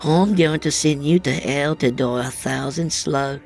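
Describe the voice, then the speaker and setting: A man voicing a vengeful young boy ghost who screeches in a high-pitched voice. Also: unhurried, vocal fry, darkish tone, soft background music.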